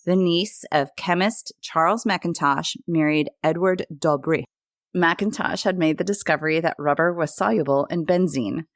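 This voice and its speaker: A woman's voice: low-pitched, moderate pace, no echo, clean studio sound. A woman co-hosting a podcast, telling a history story in a chatty way and correcting her own slips and pronunciations. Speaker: podcast co-host.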